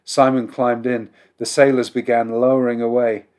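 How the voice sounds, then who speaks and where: A rabbi reading a holiday children's story aloud in a measured, expressive storybook narration. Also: male voice, medium pitch.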